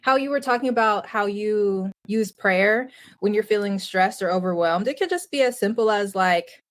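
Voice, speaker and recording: A woman's voice: mid-range voice, normal speed. A young woman co-hosting a casual podcast chat, talking earnestly and filling her sentences with "like". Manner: earnest, fillers of "like". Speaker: podcast co-host.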